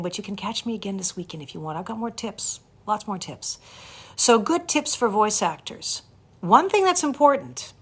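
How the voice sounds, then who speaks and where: A Canadian woman who works as a voice actor and coach chats casually with fans during a livestream, thanking viewers by name. She's animated, and her pitch leaps upward when she wants to emphasize something.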